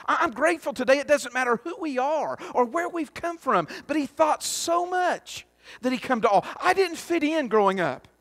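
A man's voice: very high voice, expressive, normal speed, a bit bright, no room sound. A man. His delivery is folksy and earnest, full of restarts and asides. The sound is dry and close. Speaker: pastor. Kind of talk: sermon and prayer. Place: church sanctuary.

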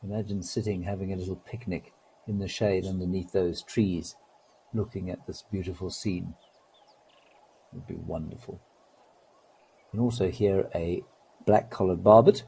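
A man hosting a live wildlife stream, talking in a relaxed, gently wry way and greeting viewers. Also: low voice, normal speed, creaky, pauses often, breathy edge, poor audio.

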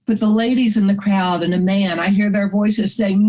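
A woman's voice: mid-range voice, fairly even intonation, normal speed, few pauses, darkish tone, poor audio. An older woman telling a personal story vividly, acting out the dialogue.

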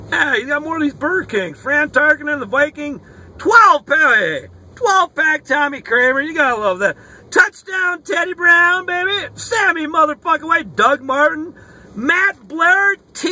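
Very high, lively excitable man. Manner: excitable, profane, hollering. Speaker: sports card collector opening mail. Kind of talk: casual card-opening vlog. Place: inside a car. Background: rock music playing faintly.

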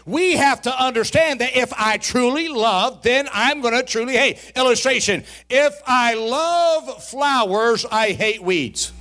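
High-voiced preacher man, shouting peaks. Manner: folksy, humorous asides to the congregation. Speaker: pastor. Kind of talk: sermon. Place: church sanctuary.

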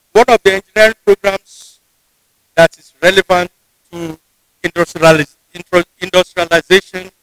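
A man with a Nigerian English accent giving a formal convocation address in a measured, deliberate way, often restarting his phrases. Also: high-pitched, a bit bright, clear, resonant tone, no room sound, poor audio. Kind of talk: formal ceremonial speech. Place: ceremony venue.

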